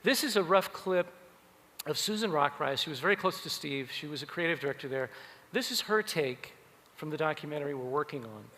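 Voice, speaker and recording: A man giving a keynote talk, telling stories in an animated way. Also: on the high side, brisk. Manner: animated, acts out quoted voices. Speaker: keynote speaker. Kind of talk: keynote storytelling. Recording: long hall reverb.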